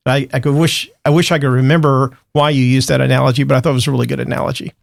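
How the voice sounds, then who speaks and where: A male podcast host with a gravelly voice talks in a rambling, hesitant way and keeps restarting his sentences. The sound is dry and close. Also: medium pitch, little pitch movement, racing, dry recording. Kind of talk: podcast interview.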